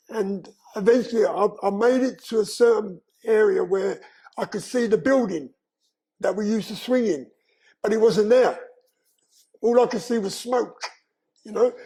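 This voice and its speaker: An older man, slowly and earnestly telling his life story in an interview, with frequent "you know". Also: high voice, gravelly, warm tone, rough recording. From London, England. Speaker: guest.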